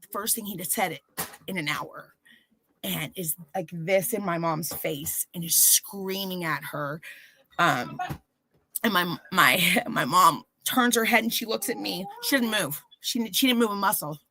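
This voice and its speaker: Bright-voiced woman telling her story. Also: lowish voice, unhurried, slight background noise, low-quality recording. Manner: animated, acts out quoted voices. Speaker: podcast guest. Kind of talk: candid personal storytelling.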